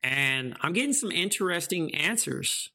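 A man's voice: a little high, animated, moderate pace, gravelly, sharp tone. A man co-hosting a podcast, joking loosely in slangy casual chat. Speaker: podcast co-host.

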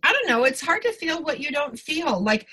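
A woman's voice: sits high, sing-song, moderate pace, bright, forceful tone, rough recording. A woman hosting a casual chat, self-deprecating and giggly.

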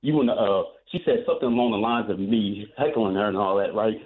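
A man's voice: lowish voice, brisk. Rambling male caller on a tinny phone line. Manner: rambling, repeats himself, animated storytelling. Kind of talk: telling a story on a phone call.

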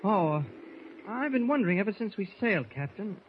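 An actor playing a polite, inquisitive newspaper reporter, in 1940s radio drama style, on a dull, hissy old radio recording. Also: male voice, high voice, sing-song. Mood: curious. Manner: courteous, inquisitive, measured.

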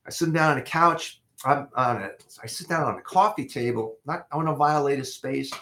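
Older male interview guest, animated storyteller who stops and restarts a lot, middle-pitched conversational voice. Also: a little fast, slight background noise. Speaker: interview guest, former investigator.

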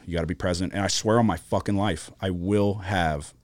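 Guy on a podcast, lowish voice, cussing a lot, gets loud and high when worked up, dry studio sound. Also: fairly quick, no echo. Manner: animated storytelling, heavy swearing, pitch jumps when worked up. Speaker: podcast co-host. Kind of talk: casual profane chat.

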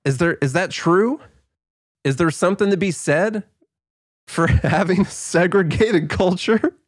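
A man's voice: high voice, husky, no room sound, studio quality. A man hosting a podcast who reads news items in a plain tone and chats casually with a co-host. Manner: reads news in a plain tone, then banters with quick laughs. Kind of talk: casual chat and news reading.

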